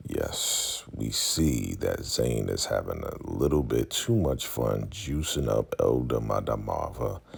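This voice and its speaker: A man's voice: very deep voice, expressive, slow pace, creaky, few pauses, breathy edge. A man chatting casually as he recaps a TV episode in a laid-back, slangy manner. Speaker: TV recap vlogger.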